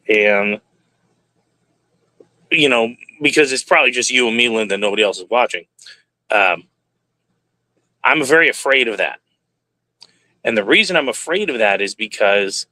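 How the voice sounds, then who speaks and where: Male streamer, candid rambling monologue, tense bright tone, very dry recording. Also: mid-range voice, no room sound. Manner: rambling, candid, talks to himself aloud. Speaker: livestream host. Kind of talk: casual livestream monologue.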